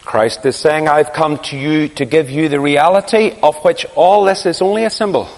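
A man preaching a sermon, telling a story dramatically, swinging from hushed asides to crying out. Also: fairly high pitch, normal speed. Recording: long hall reverb.

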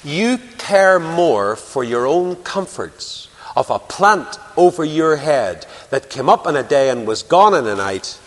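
A man voicing God rebuking a stubborn prophet in a slow, measured way. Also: mid-range voice, long reverb tail, close to an everyday voice.

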